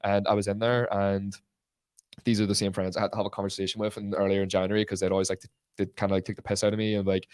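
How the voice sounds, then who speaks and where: A man with a Northern Irish accent telling a rambling, animated story in casual podcast chat. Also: on the low side, very fast, no room sound, clean studio sound. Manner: rambling, animated anecdote with many restarts and fillers. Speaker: podcast guest, content creator.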